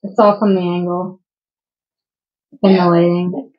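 A woman's voice: on the low side, little pitch movement, a little slow. Female co-host, casual, teasing, lo-fi home audio. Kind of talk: casual chat.

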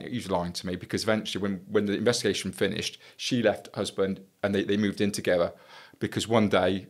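Blunt, low-voiced man, swearing freely. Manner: blunt, swears freely, acts out the dialogue of his story. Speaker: podcast guest, former police detective. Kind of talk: storytelling in a podcast interview.

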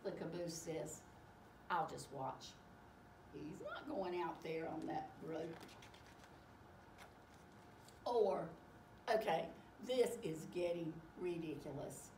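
A woman reading a picture book aloud to children, animated and expressive as she tells the story. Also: lowish voice, slow pace, pauses often. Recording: echoey room, distant mic, faint hiss.

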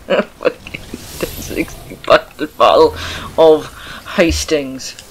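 Sweary British woman yelling at a game. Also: deep voice, slow pace, pauses often, husky, rough recording. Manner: swears, shouts at the game, laughs often. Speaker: gaming streamer. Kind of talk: casual let's-play commentary.

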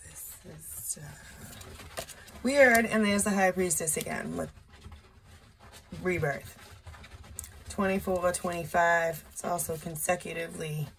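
A woman doing a casual solo tarot reading, slow and musing, thinking aloud with blunt asides. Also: lowish voice, fairly bright tone, a little hiss or hum. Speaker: tarot reader. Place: indoor room with a window.

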